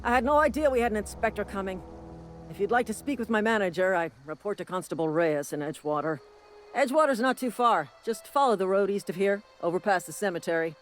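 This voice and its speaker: A woman's voice: mid-range voice, lively intonation, fast, slight background noise, lightly acted. A woman voicing an officious female company enforcer in a video game, talking in a folksy, sarcastic, overly polite way. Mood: mocking.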